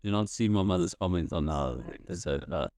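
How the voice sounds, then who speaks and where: A man co-hosting a casual podcast chat, talking hesitantly with many pauses and restarts. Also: low-pitched, a little mellow, no echo, studio quality. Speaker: podcast co-host.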